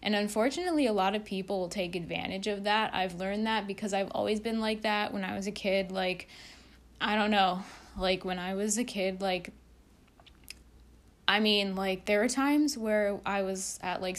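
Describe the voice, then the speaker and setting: Frank rambling woman vlogger. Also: mid-range voice. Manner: rambling, frank, swears, heavy use of "like". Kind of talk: candid casual monologue.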